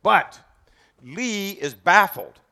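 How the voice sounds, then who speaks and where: A man guides a group around a battlefield, giving a dramatic, emphatic history talk outdoors. His voice is high-pitched, gravelly, and sharp, very animated, with drawn-out words. He fires off rhetorical questions at his listeners.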